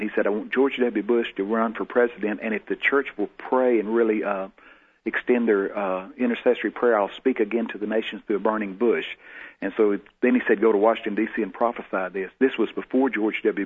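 A man's voice: lowish voice, fairly even intonation, fairly quick, husky. A man, a guest in an interview, telling personal stories in a folksy way and acting out the voices he quotes. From Texas. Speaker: guest prophet. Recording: tinny phone-like lo-fi sound.

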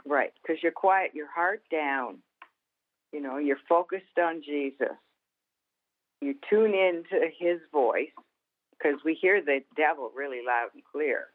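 A woman's voice: sits low, slow pace. Woman with a tinny phone-line sound. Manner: animated storyteller, folksy, laughs easily. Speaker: guest author and revival minister. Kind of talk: storytelling in a Christian TV interview.

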